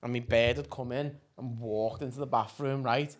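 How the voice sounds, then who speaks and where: A man's voice: medium pitch, fairly even intonation, normal speed, slight background noise. A man, co-hosting a podcast, telling stories in casual chat, swearing freely and laughing through them. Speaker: podcast co-host.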